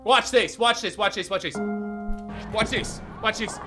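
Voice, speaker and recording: A man giving casual gaming commentary, excitable, often shouting and swearing in frustration. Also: high voice, measured pace, music in the background. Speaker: gaming YouTuber.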